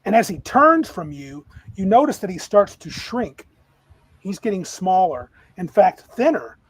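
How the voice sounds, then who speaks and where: A man running a tabletop game as game master, describing scenes in a lively, rambling way. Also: high-pitched, unhurried, a crowd in the background, poor audio.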